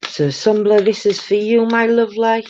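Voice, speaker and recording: A woman's voice: medium pitch, flat delivery, moderate pace, darkish tone, dull audio, slight background noise. An older woman, tired, chatting casually on a live stream as a tarot reader, greeting viewers by name with many ums.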